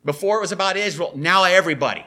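A man preaching a sermon in an animated way, acting out the quoted voices. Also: high-pitched, racing.

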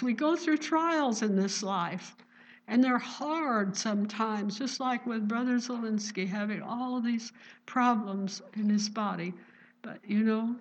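An older woman preaching a sermon in a gentle, earnest, conversational way, quoting scripture. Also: a little high. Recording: dull lo-fi recording.

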